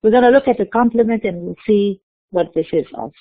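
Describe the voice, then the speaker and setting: A woman giving a recorded university lecture, explaining slowly and mixing in terms. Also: mid-range voice, dry recording. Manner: explains slowly, spelling out letters, slipping into Arabic terms. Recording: dry tinny phone-like recording.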